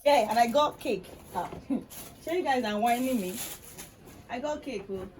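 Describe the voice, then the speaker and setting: A young woman with a fairly high voice gushes her way through a casual vlog. She exclaims and laughs often as she talks to her viewers. The phone recording at home carries a clear layer of background noise. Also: animated, moderate pace, a little mellow, low-quality recording. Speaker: vlogger unboxing birthday gifts. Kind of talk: excited casual chat to camera.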